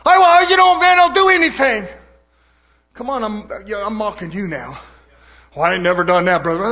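Male preacher, high pitched, bright and forceful, impassioned folksy sermon.

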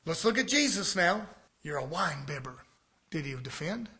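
Male preacher, sermon, high and sharp-toned, swings soft to shouting. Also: big pitch swings, moderate pace. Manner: swings from soft low passages to shouted exhortation; keeps addressing brothers and sisters.

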